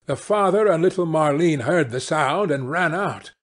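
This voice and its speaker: A man narrating a fairy-tale audiobook in a slow, deliberate reading. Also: a little high, expressive. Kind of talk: audiobook storytelling.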